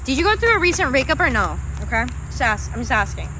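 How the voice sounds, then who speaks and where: Reading tarot live for her stream, this young woman speaks quickly in a high, sing-song voice over a noisy background. Her tone is casual and talkative, full of swearing, and she addresses viewers as "guys" and "babe."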